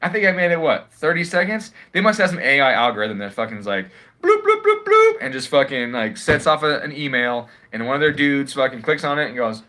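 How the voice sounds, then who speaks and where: A sarcastic man rants on a livestream from home, swearing freely as he rambles from one gripe to the next. His pitch swings a lot, and his tone is bright and forceful. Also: very animated, brisk, hardly any pauses. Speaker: live streamer. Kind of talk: casual livestream rant.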